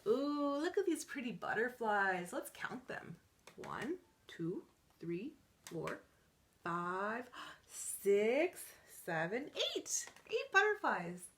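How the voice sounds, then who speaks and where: A woman working as a children's librarian, reading picture books aloud to young children in an animated sing-song way, counting along and gasping with delight. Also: mid-range voice, takes it slowly, a little hiss or hum.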